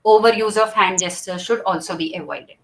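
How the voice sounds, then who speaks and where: A woman's voice: medium pitch, brisk, fairly bright tone, poor audio. A woman teaching students about public speaking gestures, explaining step by step and often checking with "okay?" while she acts out each gesture. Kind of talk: classroom teaching.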